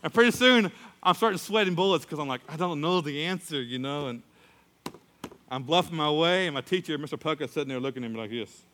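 A middle-aged man preaches and tells a story with animated delivery, putting on the voices of the people in it. His voice is bright and forceful and sits a little high. A long reverb from a large hall trails behind his words. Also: fast talker, slight background noise. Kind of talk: sermon with personal story.

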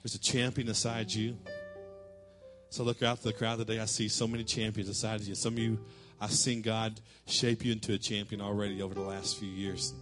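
A male pastor preaching a sermon in church, telling a lively story and calling out cheers in a raised voice. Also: fairly low pitch, brisk, music in the background. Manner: animated storytelling, shouting quoted cheers.

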